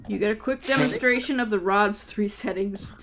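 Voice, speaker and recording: A woman's voice: medium pitch, moderate pace, fairly bright tone. A woman reads a gamebook aloud as game master, breaking off for sarcastic, exasperated asides. Her voice sits in a middle register. A faint noise runs under the recording.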